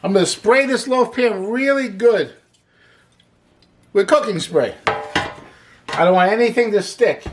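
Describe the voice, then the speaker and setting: A man's voice: high-pitched, slow pace, long pauses, slight background noise. A man hosting a casual cooking demonstration, chatty and upbeat as he explains each step while he works. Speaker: cooking show host. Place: home kitchen.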